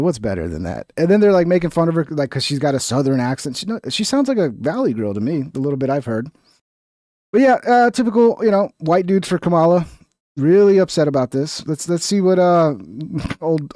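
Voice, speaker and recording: A man's voice: fairly high pitch, big pitch swings, brisk, dark tone, no echo, studio quality. A man hosting a casual reaction stream, talking in a crude, rambling, profane way.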